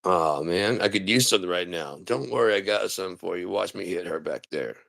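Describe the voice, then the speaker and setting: A man on a livestream giving a sarcastic commentary rant, mimicking people and breaking into bursts of shouting. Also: low-pitched, brisk, vocal fry, no room sound, studio quality. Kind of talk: live-stream commentary rant.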